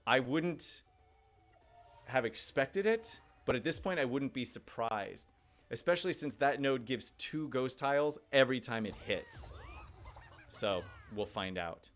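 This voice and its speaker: A man's voice: medium pitch, animated, a little slow, a bit bright. A young man casually commenting on his game live, thinking aloud and reading viewer chat. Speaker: gaming livestreamer.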